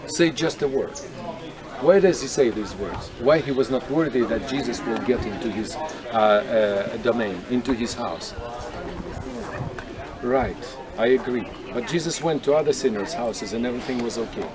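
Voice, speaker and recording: A man's voice: medium pitch, normal speed. A man leading a tour group outdoors, talking casually and asking his listeners questions as he explains. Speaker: tour guide. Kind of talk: guided tour talk. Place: outdoors at a historic site. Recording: outdoor recording with crowd noise. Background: crowd chatter.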